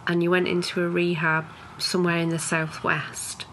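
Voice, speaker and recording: Low-voiced woman asking probing questions. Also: flat delivery, moderate pace, a bit bright, slight background noise. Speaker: co-host, interviewer. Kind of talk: conversational podcast interview.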